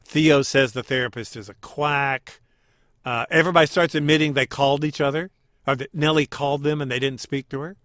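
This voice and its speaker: A man co-hosting a podcast, chatting casually as he recaps scenes and acts out quick quoted lines. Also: medium pitch, steady tone, a bit bright, dry recording, clean studio sound. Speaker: podcast co-host.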